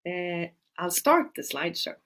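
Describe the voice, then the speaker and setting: Lively Swedish woman hosting a webinar. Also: on the low side, measured pace. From Sweden. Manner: chatty, reads out the chat, many fillers. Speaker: Ayurvedic practitioner hosting a webinar. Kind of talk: casual webinar talk.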